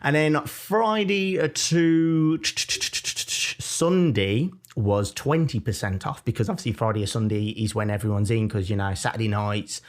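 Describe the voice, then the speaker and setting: A young man with a Birmingham accent, co-hosting a podcast in casual chat, animated and jokey as he tells stories. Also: on the low side, unhurried. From Birmingham, England. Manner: animated, jokey storytelling with mock-defiant asides. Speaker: podcast co-host.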